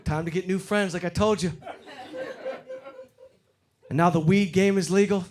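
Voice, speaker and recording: A man's voice: sits high, steady tone, moderate pace, slight background noise. A man in his forties from Detroit doing a brash, profane stand-up set on a club stage, acting out the people in his stories. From Detroit, USA. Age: 40s. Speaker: stand-up comedian. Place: comedy club stage before a live audience. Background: audience laughter.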